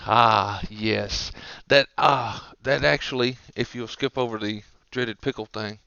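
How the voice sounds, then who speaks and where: A man's voice: medium pitch, steady tone, takes it slowly, vocal fry, sharp tone, smooth, no room sound, lo-fi sound. A man with a Southern American accent co-hosting a casual comedy podcast, rambling through stories and acting out the people in them. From Southern United States. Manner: rambling storyteller, acts out characters with big voices. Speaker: podcast co-host.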